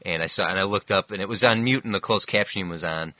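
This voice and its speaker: A man's voice: low voice, quick pace, bright, forceful tone, dry recording. A man co-hosting a casual podcast, rambling and correcting himself as he goes, laughing often. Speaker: podcast co-host.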